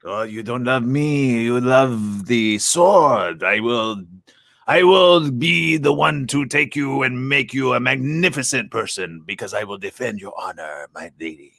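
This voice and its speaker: A man voicing a suave, gallant male cat swordsman with a low, slow Spanish accent. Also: gravelly, a bit bright, no room sound, studio quality. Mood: gallant, wooing.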